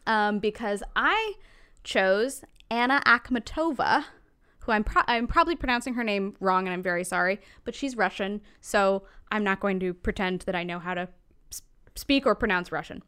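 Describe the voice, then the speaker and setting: A woman's voice: mid-range voice, moderate pace, a bit bright, clean tone. A woman co-hosting a podcast in casual chat, chatty with frequent ums and self-corrections. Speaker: podcast co-host.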